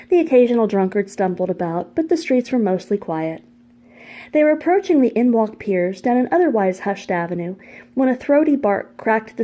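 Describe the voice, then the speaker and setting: A woman reads a fantasy novel aloud in a steady, measured narration. Her voice is warm and mellow, sitting at an ordinary middle pitch. She keeps an even storybook pace through the prose. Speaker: audiobook narrator. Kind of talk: scripted narration.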